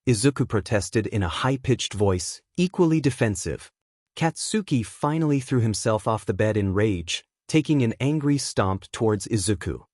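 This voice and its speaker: A man reading fan fiction aloud as narrator, in a steady storytelling manner. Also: on the low side, moderate pace, dry recording, clean studio sound.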